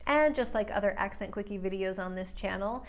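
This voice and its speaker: Lady speech coach walking thru accent drills, says words slow and clear, medium voice. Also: medium pitch. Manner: clear, instructive, modeling drill words slowly. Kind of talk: accent lesson.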